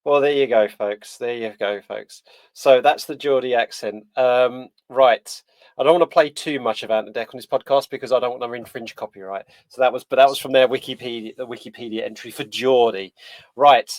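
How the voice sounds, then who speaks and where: A man's voice: mid-range voice, fairly even intonation, brisk, no echo. A man hosting a podcast interview in a casual, rambling way with lots of fillers and restarts. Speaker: podcast host.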